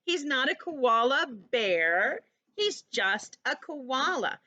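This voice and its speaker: A woman teacher reads a storybook to young children, talking slowly and gently and pausing to ask them questions. Her voice is fairly high and very lively in its ups and downs. The recording is close and dry with a dull, lo-fi sound. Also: dry recording.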